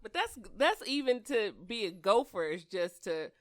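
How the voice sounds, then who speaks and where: A woman's voice: medium pitch, sing-song, moderate pace. A woman co-hosting a podcast, reacting eagerly and laughing along. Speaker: podcast co-host. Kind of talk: casual podcast chat.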